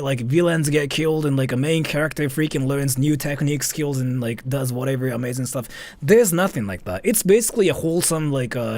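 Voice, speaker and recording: Rambly streamer dude, lots of likes and fillers, bouncy pitch, dry sound. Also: male voice, a little mellow, dry recording. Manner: rambling, filler-heavy, reads out donations. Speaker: livestreamer. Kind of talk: casual livestream chat.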